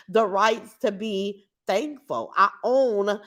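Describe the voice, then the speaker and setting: A woman's voice: mid-range voice, very slow, fairly bright tone. A woman hosting a casual livestream from her couch at home, talking to her chat through her computer in a brash, outspoken, boastful way. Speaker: livestream host reading chat. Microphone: computer mic.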